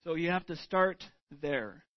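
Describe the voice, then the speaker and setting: A middle-aged male pastor delivers a sermon in a high-pitched voice at an unhurried pace. He speaks earnestly and deliberately, stretching words for weight. The recording is dry and a little dull. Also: animated, no room sound. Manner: earnest, deliberate, drawn-out emphasis.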